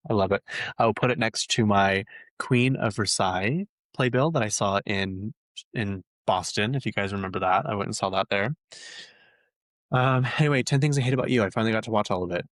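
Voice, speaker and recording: A man chatting casually as a vlog host, gushing and excitable with lots of fillers. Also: on the low side, brisk, dry recording. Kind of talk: casual chat. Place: lives in Utah.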